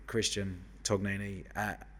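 Low-voiced London man in his thirties. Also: a little slow, in a large hall. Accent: London English. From London, England. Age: 30s. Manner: sweary, lively storyteller. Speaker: guest hairdresser. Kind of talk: casual chat.

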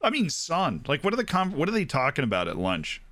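A man's voice: a little high, wildly swooping pitch, fast, fairly bright tone, no echo. A man co-hosting a podcast, chatting casually about football in a wry, playful way. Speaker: podcast co-host.

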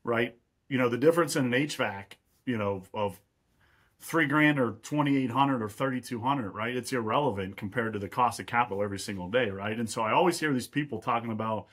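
A man's voice: mid-range voice, brisk, fairly bright tone. A man from Pittsburgh, a real estate investor, explaining at length as a guest in a podcast interview and often checking in with "right?". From Pittsburgh, USA.

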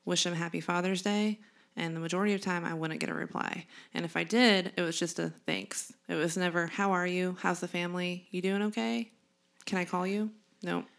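Young adult woman, lowish voice, candid and earnest storytelling for a podcast co-host. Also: creaky.

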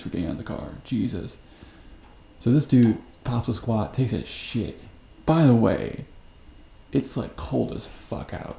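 This man speaks at a medium pitch with vocal fry and a mellow quality, hosting a podcast where he rambles through a story in a profane, disbelieving rant. The podcast mic picks up an echoey room and background noise.

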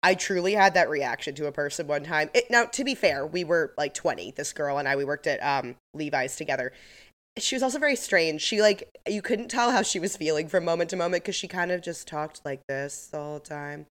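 A woman's voice: low voice, expressive, brisk, a bit bright. A woman in her thirties co-hosting a podcast, chatting casually and rambling with lots of fillers and laughs. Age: 30s. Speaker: podcast co-host. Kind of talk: casual chat.

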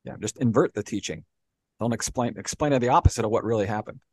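Sex: man. Role: podcast co-host. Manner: long explanations with "you know" and "right?" tags. Pitch: middle for a man. Sound: dry and close. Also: quick pace, darkish tone, no echo. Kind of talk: casual explanatory podcast talk.

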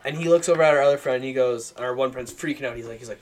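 A man's voice: medium pitch, very fast, few pauses, darkish tone. A young man, a podcast guest, telling a rambling story in casual chat, full of fillers and swearing. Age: young adult. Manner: rambling, filler-heavy, profane.

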